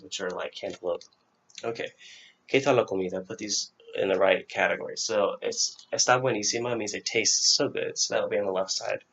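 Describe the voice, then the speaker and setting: A man giving an informal vocabulary review lesson as a teacher, talking casually and correcting himself as he goes. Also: on the low side. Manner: casual, self-correcting, thinks aloud with fillers. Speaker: Spanish teacher. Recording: dull lo-fi recording.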